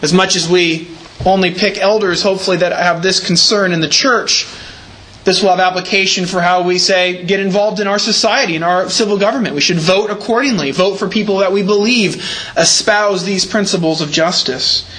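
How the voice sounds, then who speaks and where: High, bright-voiced male pastor preaching. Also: normal speed, rough recording. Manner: explanatory, emphatic on repeated words. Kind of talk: sermon. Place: church.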